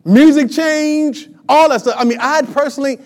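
A man's voice: extremely high pitch, moderate pace. A man, preaching a sermon with energy and rhetorical questions to his congregation. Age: 50s. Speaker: pastor.

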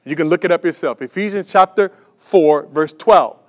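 A man's voice: fairly high pitch, normal speed. A man preaching a sermon as a pastor, emphatic and repetitive, with many restarts and fillers, asking the congregation rhetorical questions.

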